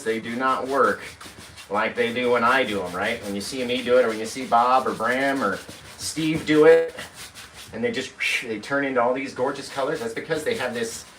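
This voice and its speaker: A man's voice: medium pitch, fairly bright tone. A man hosting a live painting tutorial, chatty and upbeat, walking viewers through each step. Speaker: painting instructor. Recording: roomy, distant mic, faint noise.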